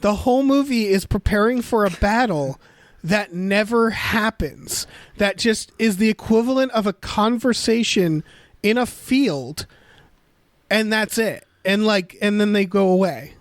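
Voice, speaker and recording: High-voiced man chatting in a dry room. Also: unhurried, no echo. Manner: rambling, animated, acts out quotes. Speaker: podcast co-host. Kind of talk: casual chat.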